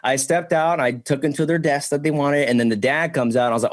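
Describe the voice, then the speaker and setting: A man, a podcast guest, telling a work story in a profane, animated way, a bit tipsy. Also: mid-range voice, fast talker, dry recording. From Bakersfield, California. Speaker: guest, delivery driver.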